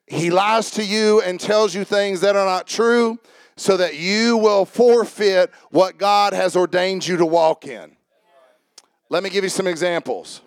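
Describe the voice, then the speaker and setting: A high-voiced man preaches in a church, talking quickly and rising into loud, shouted peaks. His voice is close and dry, with little room sound. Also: no echo. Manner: fast, building to shouted climaxes. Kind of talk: sermon. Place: church sanctuary.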